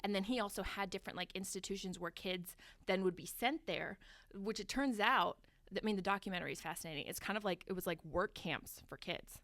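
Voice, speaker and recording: A young woman co-hosting a casual podcast, chatty and quick to laugh as she tells a story. Her voice sits in a middle range and is recorded close and dry. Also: mid-range voice, fairly bright tone, no room sound. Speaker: podcast co-host. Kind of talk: casual chat.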